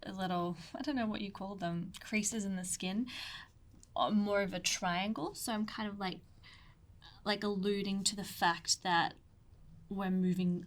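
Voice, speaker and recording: A young Australian woman walks through an ink drawing step by step. Her voice sits at a middling pitch, and her talk wanders through fillers, jokes at her own expense and side stories, often softening to a near murmur as she focuses on the page. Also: fairly even intonation, a little slow. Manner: rambling, chatty, self-deprecating with asides and fillers. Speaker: artist demonstrating a drawing. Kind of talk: casual drawing tutorial.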